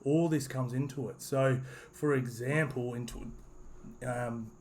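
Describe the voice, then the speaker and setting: A man talks through his opinion in a loose, rambling monologue, restarting sentences and leaning on "you know". His voice sits at an ordinary middle pitch. Faint background noise sits under the recording. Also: steady tone, slow, a little mellow. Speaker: sports commentary vlogger.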